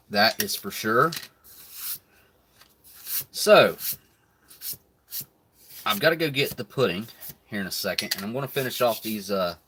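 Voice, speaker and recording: A man's voice: on the low side, pushed and bright, slight background noise. Laid-back man on a live stream. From United States. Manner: laid-back, chuckles often, talks between bites. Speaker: live stream host reviewing rations. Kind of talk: casual live stream chat while eating.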